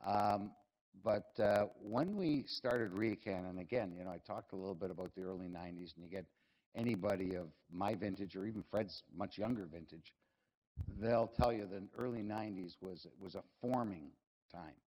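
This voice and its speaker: A man's voice: sits low, moderate pace, darkish tone, low-quality recording. An older man, a company chief executive telling rambling, self-deprecating and humorous anecdotes at a live fireside chat.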